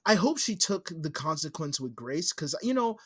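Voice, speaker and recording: This is a podcast co-host making crude jokes in casual banter, with plenty of swearing along the way. The voice swoops up and down a lot, giving it a lively, animated sound. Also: mid-range voice, normal speed, breathy edge. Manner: crude, profane joking banter. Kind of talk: casual chat.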